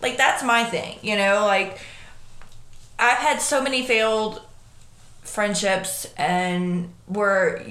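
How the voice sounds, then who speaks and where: A woman's voice: mid-range voice, steady tone, slow pace, a bit bright. A woman co-hosting a podcast in casual chat, blunt and swearing constantly. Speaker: podcast co-host. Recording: roomy echo.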